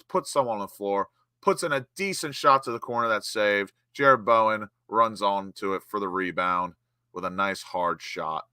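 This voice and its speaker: An excitable young man from the United States hosts a live match watchalong. He chats casually between plays, then erupts into loud, high cries when his side scores. His voice is bright and forceful, recorded dry and close with almost no room sound. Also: dry recording. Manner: chatty, bursts into excited shouts at chances and goals. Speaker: watchalong host.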